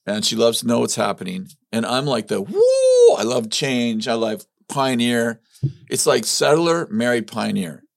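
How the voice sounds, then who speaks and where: A man's voice: medium pitch, moderate pace, creaky, no echo, studio quality. A middle-aged man telling a personal story in a casual chat, animatedly acting out quotes with many restarts. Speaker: ministry leader telling his story.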